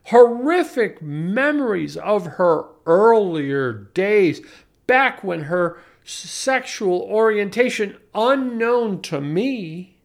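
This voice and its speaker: A man in his forties giving a sardonic storytelling monologue, wry and deliberate, often restarting his sentences and adding asides. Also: high-pitched, very animated, vocal fry. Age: 40s. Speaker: commentator.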